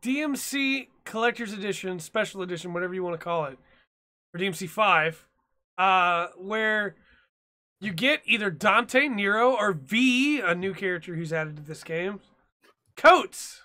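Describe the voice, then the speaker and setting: A man's voice: sits high, expressive, moderate pace, bright, forceful tone. A young man co-hosting a gaming podcast in casual chat, laughing often and telling stories with animation. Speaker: podcast co-host.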